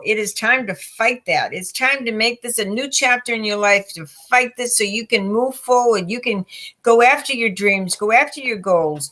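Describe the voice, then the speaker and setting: A woman's voice: a little high, a bit bright. A woman doing a live online tarot reading, giving direct, encouraging advice to a viewer. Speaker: tarot reader.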